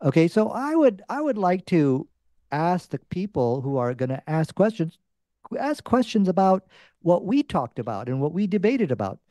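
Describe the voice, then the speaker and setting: A male debater pressing his case insistently and going back over his points. His voice is a bit higher than usual for a man, yet mellow and dark, and the sound is dry. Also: sing-song, normal speed, no room sound. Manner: insistent, repeats himself. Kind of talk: debate argument.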